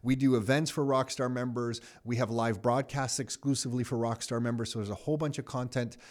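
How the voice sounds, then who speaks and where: A man hosts a casual podcast interview. He talks in a chatty, joking way and laughs easily. His voice sits at an ordinary middle pitch. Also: steady tone, brisk. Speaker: podcast host.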